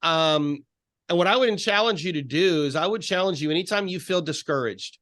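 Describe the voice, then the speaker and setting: A man's voice: sits high, a bit bright, no echo. A man coaching on a video call, encouraging and preacherly, often asking rhetorical questions. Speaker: life coach. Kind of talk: faith-based coaching call.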